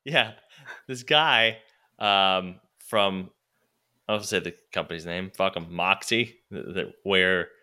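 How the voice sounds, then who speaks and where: A man co-hosting a casual chat, telling a profane anecdote with animated delivery and acted-out quotes. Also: sits low, slow pace, smooth. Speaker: podcast co-host.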